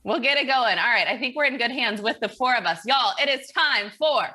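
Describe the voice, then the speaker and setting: A woman's voice: fairly high pitch, animated, brisk, pushed and bright. A woman hosting a live morning sports talk show, chatty and upbeat as she leads the segment from a studio.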